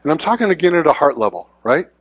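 A man's voice: a little high, big pitch swings, fast, no room sound. A man giving a conversational sermon as a guest preacher, informal and often checking in with the congregation.

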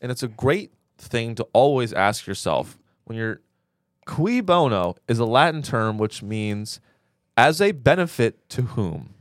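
Lively-pitched man in casual podcast chat. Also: a little slow, no room sound, clean studio sound. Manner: laughs easily, stumbles and restarts mid-thought. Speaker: podcast co-host.

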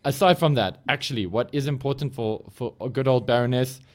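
A man's voice: medium pitch, brisk. A man co-hosting a podcast, chatting casually in an enthusiastic, rambling way. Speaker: podcast co-host. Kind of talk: casual chat.

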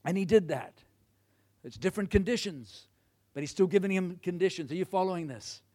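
A man preaches a sermon, retelling a Bible story with animated delivery and acting out each character's lines. His voice sits high and moves a little fast.

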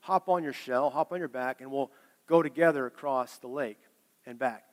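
A man's voice: mid-range voice, normal speed, big-room sound, lightly acted. A man voicing a sly male scorpion who coaxes a turtle and speaks matter-of-factly, retold in a sermon. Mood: coaxing.

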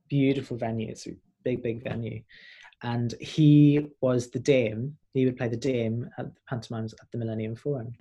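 A young man in his twenties with a Northern Irish accent, telling stories as a performer guest in a casual interview. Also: mid-range voice. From Northern Ireland. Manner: animated, rambling storyteller.

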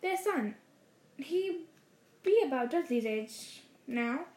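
A woman's voice: sits high, lively intonation, takes it slowly, a little mellow. A woman voicing a nervous, fussy middle-aged man who mumbles and hesitates, read aloud in a storybook. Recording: roomy echo.

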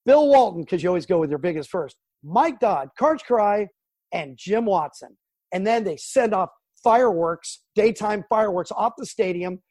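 A middle-aged man from Southern California, a sports broadcaster telling animated stories in an interview. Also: high-pitched, moderate pace, no room sound. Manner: animated storyteller, acts out quotes and sounds. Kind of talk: storytelling interview.

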